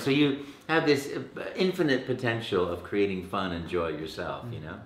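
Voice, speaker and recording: Animated male voice-actor guest, somewhat low voice, roomy echo. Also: moderate pace, few pauses. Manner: animated, acts out quotes, many restarts. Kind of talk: casual interview storytelling.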